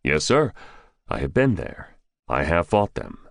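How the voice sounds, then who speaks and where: A man voicing a calm, terse former special-forces mercenary who answers in short, respectful replies. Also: sits low, a little slow, gravelly, no echo, clean studio sound, exaggerated voice.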